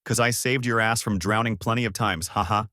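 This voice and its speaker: A man's voice: lowish voice, fairly even intonation, brisk, sharp tone, no room sound, studio quality. A man doing Goku, a raised, brash young fighter. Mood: eager. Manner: cheerful, fight-hungry, naive.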